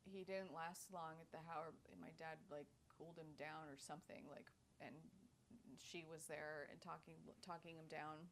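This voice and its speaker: Podcast co-host, woman, animated storyteller, acts out quotes, casual chat. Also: sits low, moderate pace, slight background noise.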